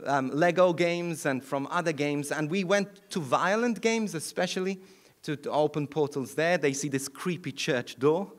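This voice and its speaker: A middle-aged man from Malta speaks as a priest addressing an audience at a forum, earnest and personal. His voice sits a little high, and he often restarts his sentences. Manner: earnest, with frequent restarts and warm laughs. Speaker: priest giving a keynote talk. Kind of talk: public talk with audience questions. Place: event hall.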